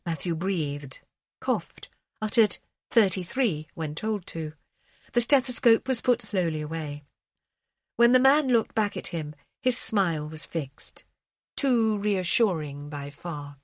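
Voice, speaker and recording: A woman narrating an audiobook in a measured way, slowing on grave passages. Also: mid-range voice, lively intonation, no room sound, clean studio sound. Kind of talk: scripted narration.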